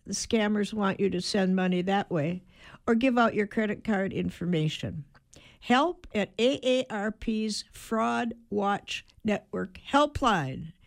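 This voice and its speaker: A woman hosting a radio talk show, giving brisk, opinionated commentary and introducing her guest. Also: mid-range voice, expressive, vocal fry.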